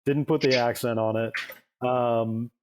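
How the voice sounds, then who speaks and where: A man's voice: mid-range voice, fairly even intonation, a little slow, a little hiss or hum. A man co-hosting a sports podcast in casual chat, rambling with lots of fillers and restarts. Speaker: podcast co-host.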